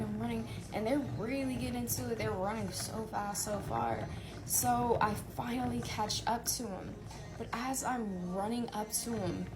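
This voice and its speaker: Woman telling a story over clear noise. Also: a little high. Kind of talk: casual storytime. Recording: noisy recording.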